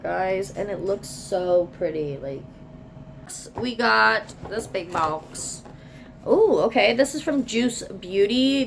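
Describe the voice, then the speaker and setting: A woman's voice: a little high, gravelly, slight background noise. A woman chatting casually as she unboxes products, reading product descriptions aloud and sometimes dropping to a whisper. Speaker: beauty vlogger.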